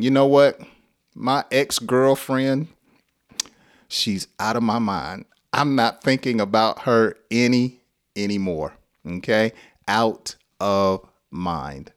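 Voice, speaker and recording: A middle-aged American man teaching an English lesson on a live stream, playful, acting out example sentences. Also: lowish voice. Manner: slow, playful, acts out example lines with laughs.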